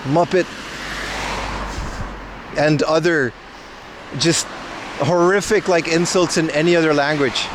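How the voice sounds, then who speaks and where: A young man talks to his livestream viewers in a loose, joking way, ribbing them as he goes. His voice sits a little high for a man. Faint street noise carries on behind him outdoors. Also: fairly even intonation, measured pace. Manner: joking, banter with chat. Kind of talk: casual IRL stream chat.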